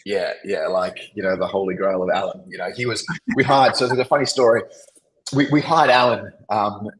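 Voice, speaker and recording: Rambling Australian man, low voice. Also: fairly even intonation, fairly quick, slight background noise, poor audio. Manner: rambling anecdotes full of "you know" and "like". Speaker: podcast guest, agency founder. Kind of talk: casual interview storytelling.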